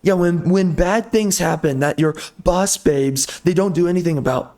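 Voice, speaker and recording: A man's voice: high-pitched, normal speed, darkish tone. A man hosting a gameplay video, ranting in an angry, sarcastic and mocking way. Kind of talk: ranting commentary over gameplay.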